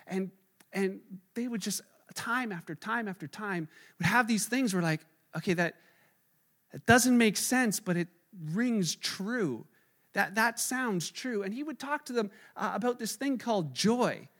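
A pastor giving a conversational, animated sermon, often acting out the people in his stories. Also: high voice, unhurried.

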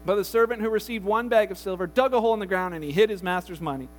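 A man pastor preaches in a relaxed, conversational way, weaving casual asides into his retelling. His voice sits very high for a man, and he keeps the story lively. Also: rapid-fire, long reverb tail. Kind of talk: conversational sermon.

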